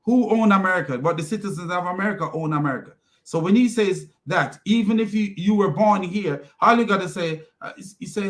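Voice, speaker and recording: A man's voice: high voice, brisk, hardly any pauses. A man giving a heated, mocking commentary, laughing often and repeating himself. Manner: heated, repetitive. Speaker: online commentator. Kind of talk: casual ranting commentary.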